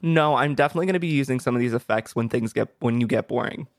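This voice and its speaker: A young man hosts a casual gaming podcast in a joking, playful way. His voice sits at a middle pitch. It comes through crisp and dry from a compressed streaming mic. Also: rapid-fire, no echo. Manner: jokey, playful, tries out sound effects. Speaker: podcast host.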